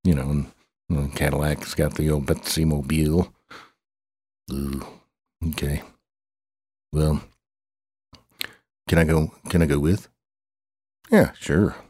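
Low, dark-voiced man improvising a story, rambling and excitable. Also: a little slow, pauses often, slightly rough, no room sound, clean studio sound. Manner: rambling, excitable, with grunts and humming.

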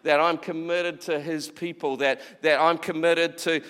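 This man's voice sits on the high side, fairly bright and clean, with a steady tone and a slightly slow delivery. He preaches conversationally, frequently voicing the people he quotes and repeating himself, all in a big hall with long reverb.

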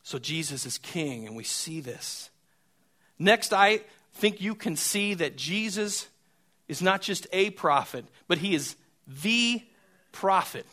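A man preaching a sermon, moving between quiet, hushed stretches and loud, raised passages, and often repeating a word as he restarts. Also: high voice, expressive, slow. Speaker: pastor.

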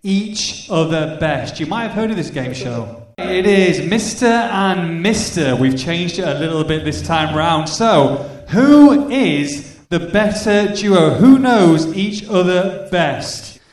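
A man's voice: sits high, animated, slow pace, hardly any pauses. A man hosting a live stage event, introducing a game with upbeat patter. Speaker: event host. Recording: echoey room, voice from far off.

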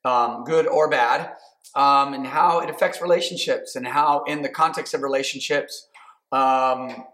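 A man's voice: medium pitch, a little slow, fairly bright tone. A man preaching a sermon as pastor, talking in a loose conversational way with many fillers and restarts. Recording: echoey room.

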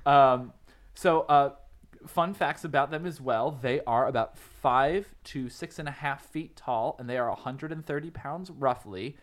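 A man co-hosting a casual podcast in a loose, joking way. He rambles through facts and tangents, often breaking into giggles. His voice sits at a middling pitch. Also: measured pace. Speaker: podcast co-host. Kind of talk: casual comedic chat.

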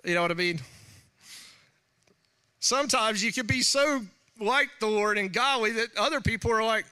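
A middle-aged man preaching a sermon, talking in an animated way with laughing asides and quoted voices. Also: high voice, moderate pace, smooth. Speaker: pastor.

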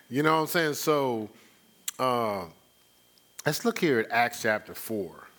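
A man pastor teaching a conversational sermon, animated, acting out quoted exchanges with a rising voice and chuckling between points. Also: mid-range voice, slow pace. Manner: frequent fillers and restarts, chuckles.

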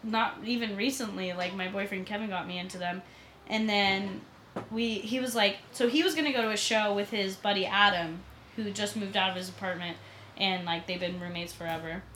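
A woman's voice: medium pitch, fairly even intonation, moderate pace, a bit bright, slight background noise. A young woman guest chatting casually, telling a story with giggles and swearing. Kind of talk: casual chat. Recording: echoey room.

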